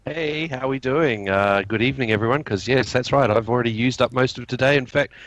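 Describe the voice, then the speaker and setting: A man's voice: mid-range voice, fairly quick, fairly bright tone, no room sound. A man guesting on a podcast, playful and fond of puns. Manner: playful, punning. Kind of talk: casual chat.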